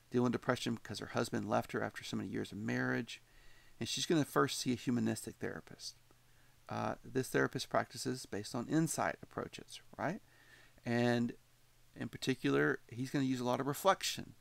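Gravelly-voiced male psychology lecturer. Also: medium pitch, steady tone, a little fast, dry recording. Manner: conversational, repeats himself, asks students questions. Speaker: psychology instructor. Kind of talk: recorded lecture commentary.

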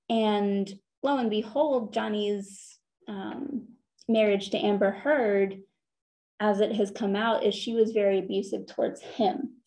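Woman counselor, mellow tone, earnest and conversational, slows for emphasis; church talk. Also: mid-range voice. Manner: conversational, earnest, often slows to stress points.

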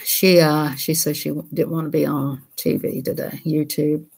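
A woman's voice: deep voice, level tone, normal speed, creaky, darkish tone, husky. Folksy woman chatting on a livestream. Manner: folksy, chatty, laughs easily. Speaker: livestream host. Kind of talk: casual livestream chat.

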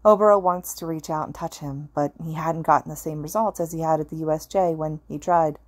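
Low-voiced woman reading a story. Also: steady tone, fairly quick. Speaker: fan fiction reader. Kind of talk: audiobook-style story narration.

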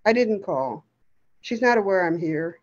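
Woman doing patient Death figure, measured and formal, muffled sound. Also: mid-range voice, animated. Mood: calm. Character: calm, patient male personification of death.

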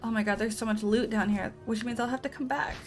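A woman's voice: a little high, steady tone, fast, darkish tone, faint music behind. A woman giving casual let's-play commentary, talking to herself and letting out frightened yelps.

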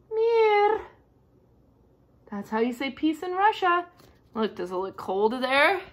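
Animated high-voiced woman reading to kids. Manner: sing-song, animated, with gasps and questions to the listener. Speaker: storybook reader for children. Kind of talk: reading a picture book aloud to young children.

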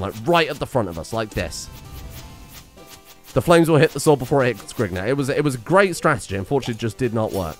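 Young male streamer, sarcastic and sweary, very lively pitch swings. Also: fast talker, faint music behind. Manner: sweary, sarcastic, animated outbursts. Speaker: gaming streamer. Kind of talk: casual let's-play commentary.

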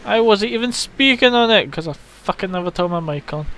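High-voiced young man grumbling over a game. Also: expressive, a little fast, bright, forceful tone, slight background noise. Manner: grumbling, swears often, hums to himself. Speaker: gaming channel host. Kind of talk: casual let's-play commentary. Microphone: headset.

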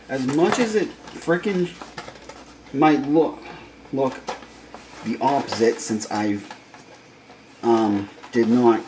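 Excitable man for casual unboxing narration, unhurried, prone to muttered asides and cursing. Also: mid-range voice, background noise. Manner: excitable, gushing, swearing, mumbled asides. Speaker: toy unboxing vlogger.

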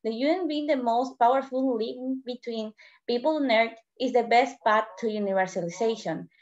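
Young woman debater reading her speech, higher voice, muffled call audio. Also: darkish tone. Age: teenager or young adult. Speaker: student debater. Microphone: computer mic on a video call.

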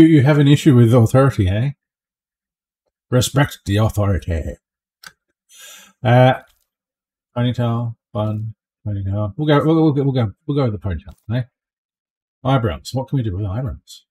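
A man's voice: medium pitch, moderate pace, long pauses, warm tone, slightly rough. A man chatting casually while he plays a game on stream, joking along and often ending lines with a questioning "eh?". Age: adult. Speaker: streamer playing a space game. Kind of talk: casual gameplay commentary.

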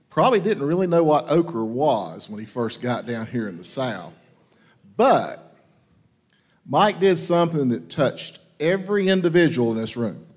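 Slow, earnest man speaking at a memorial. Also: medium pitch, a little mellow. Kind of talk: memorial speech. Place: event hall.

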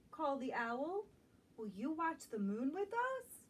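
High, lively storytime woman. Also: measured pace. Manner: gentle and animated, asks children questions. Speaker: children's librarian. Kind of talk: children's storytime read-aloud. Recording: distant mic with faint background noise.

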